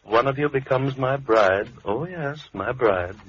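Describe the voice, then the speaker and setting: An actor playing a lonely, menacing recluse in a 1940s radio drama, speaking slowly with cold, quiet politeness. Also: male voice, medium pitch, lightly acted. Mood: gently sinister. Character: soft-spoken menacing lonely male recluse. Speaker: villain. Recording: dull, faintly hissy old radio broadcast.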